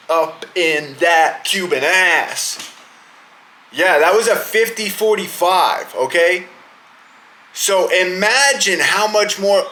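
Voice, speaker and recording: A man's voice: high-pitched, bright, forceful tone, rough recording. A young man hosting a podcast, ranting about fights in a heated, profane, casual way. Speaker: podcast host. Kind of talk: casual profane sports rant.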